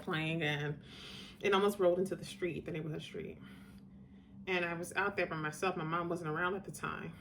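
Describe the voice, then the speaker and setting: A middle-aged woman telling a personal story to her viewers, chatty and digressive, getting animated when she recalls moments. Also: on the low side, vocal fry, a little hiss or hum. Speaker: vlogger telling personal stories. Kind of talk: casual storytelling to camera.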